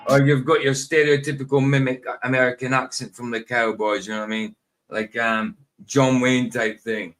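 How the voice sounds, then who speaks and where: A British man hosting a relaxed podcast, talking in a loose, rambling way and breaking into laughs. His voice sits at a middling pitch, with faint music playing underneath. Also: normal speed. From United Kingdom. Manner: chatty, rambling, laughs often. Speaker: podcast host. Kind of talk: casual chat.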